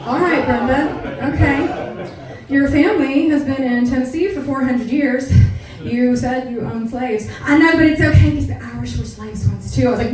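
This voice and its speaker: An American woman doing a stand-up comedy set, with brash, profane, animated storytelling. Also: high voice, moderate pace, a faint crowd. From United States. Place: comedy club stage. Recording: echoey club from far off.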